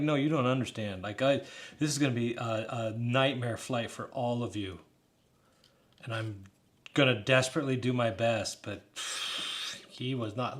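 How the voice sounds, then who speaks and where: Casual hobbyist guy in his 30s, mid-pitched, rambling chat to viewers, quick laughs. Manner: rambling, chatty, laughs often, talks to viewers directly. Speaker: hobbyist builder talking to stream chat. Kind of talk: casual live build chat.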